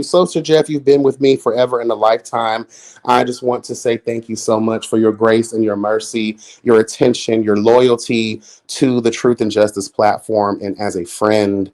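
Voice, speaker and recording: A man's voice: moderate pace, a little mellow. Sassy, flamboyant male streamer. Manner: sassy, flamboyant, swears often; jumps into high exclaims. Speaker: live streamer. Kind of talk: casual live-stream commentary.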